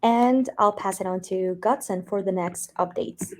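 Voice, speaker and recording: A woman's voice: medium pitch, unhurried, slight background noise. A woman co-presenting weekly updates on a casual community call, friendly in manner. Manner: friendly, laughs between lines.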